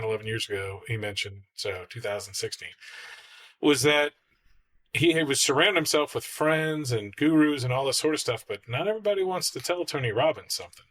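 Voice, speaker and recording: A man's voice: fairly low pitch, a bit bright. A man hosting a podcast panel, telling rambling anecdotes in a casual chat and laughing easily. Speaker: podcast host.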